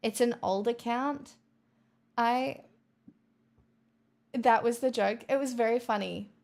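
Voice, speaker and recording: A woman's voice: on the high side, slow pace, a little mellow. A woman livestreamer chatting casually with her viewers and reading their comments, with playful, mock-boastful banter, frequent swearing and laughs.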